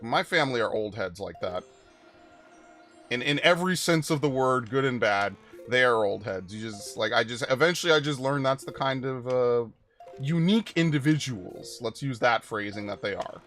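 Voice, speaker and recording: Young man, game streamer, casual rambling chat, profane, loud sudden outbursts, mid-pitched voice, faint music behind. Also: moderate pace. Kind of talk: casual live-stream chat while playing.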